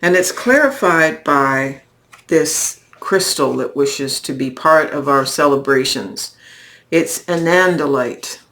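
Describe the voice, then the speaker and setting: A woman giving a weekly tarot card reading in a slow, reflective, spiritual manner. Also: sits low, expressive, a bit bright, a little hiss or hum. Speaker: tarot reader.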